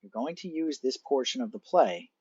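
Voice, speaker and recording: A man's voice: mid-range voice, big pitch swings, normal speed, a little mellow, breathy edge, no room sound, muffled recording. A male teacher walking students through an assignment on screen, explaining each step conversationally and addressing them directly. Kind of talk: screen-recorded assignment walkthrough.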